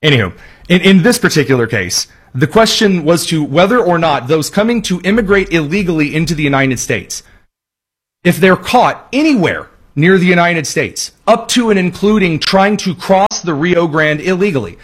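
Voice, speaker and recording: Male radio talk host, husky, sarcastic, emphatic. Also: fairly high pitch, expressive, normal speed. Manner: sarcastic, mocking, emphatic repetition. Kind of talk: political commentary monologue.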